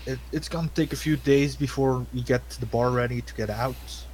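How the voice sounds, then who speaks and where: A man's voice: medium pitch, fairly even intonation, moderate pace, darkish tone, a little hiss or hum, low-quality recording. A man playing a tabletop game, speaking in character in a casual, hesitant way. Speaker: player.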